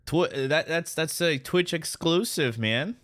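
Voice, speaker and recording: A man streams a game and talks to his viewers in a slow, easy drawl, tossing in jokes and restarting his sentences. His voice sits at an ordinary pitch and sounds dry and close to the mic. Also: fairly bright tone, no room sound. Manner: loose and joking, many restarts and "guys". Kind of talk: casual live-stream chat while playing.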